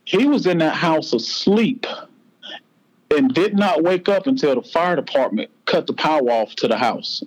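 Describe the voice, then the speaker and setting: Earnest Southern man, slightly high voice. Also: animated, normal speed, rough recording. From North Carolina, US. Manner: earnest, heartfelt, casual Southern speech. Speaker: podcast guest. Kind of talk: personal storytelling.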